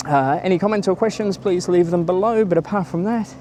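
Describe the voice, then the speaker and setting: A man's voice: high voice, a little fast, dark tone, slight background noise. A man giving a chatty, rambling walking-tour vlog outdoors by a stadium, filming on a handheld camera or phone and greeting passers-by. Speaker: travel vlogger.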